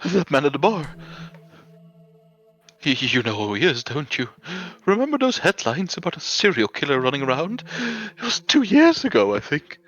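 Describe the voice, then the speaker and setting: A man voicing an excitable bar patron in a horror game, gossiping in a raised, breathless voice. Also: on the high side, moderate pace, lo-fi sound, pitched above the performer's own voice, full character voice. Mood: eager gossip.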